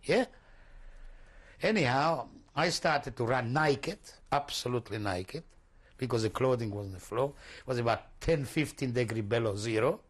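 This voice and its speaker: A man's voice: mid-range voice, expressive. Older male interviewee, mid-range voice, unpolished, stumbling speech in testimony. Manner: halting, searching for words, repeats himself; non-native English, broken grammar. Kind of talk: oral history testimony.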